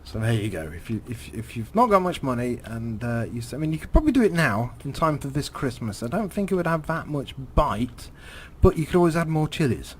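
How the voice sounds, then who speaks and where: Talking over a driving game, a man tells a rambling story in halting speech, heavy with fillers and repeated words and broken by chuckles. His voice is mid-range and husky, with big swings in pitch.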